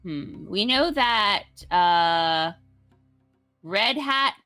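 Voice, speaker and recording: Woman, co-player, bright forward tone, playful casual chat, faint music behind. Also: medium pitch, animated, clear, resonant tone. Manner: playful, quick to laugh.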